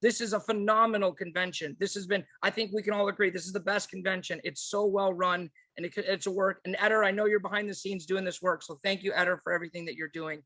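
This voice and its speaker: A man making an energetic fundraising appeal at a virtual party convention, thanking donors district by district over a video call. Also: high-pitched, fast, few pauses, dry recording. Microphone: computer mic on a video call.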